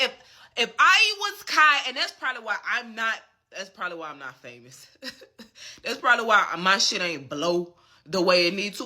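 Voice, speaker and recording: Bright and forceful in a mid-range voice, a vlogger rants through heated, profane commentary. He stresses his points hard and repeatedly asks "you get what I'm saying" to check in with the listener.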